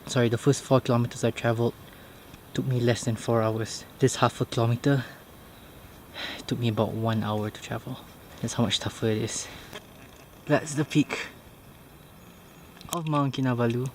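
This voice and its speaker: A man talks to his handheld camera as he climbs an outdoor trail, out of breath between plain, matter-of-fact remarks. His voice sits at an ordinary middle pitch, with a faint hiss of outdoor ambience behind him. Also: flat delivery, moderate pace, pauses often. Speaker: vlogger. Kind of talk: hiking vlog narration.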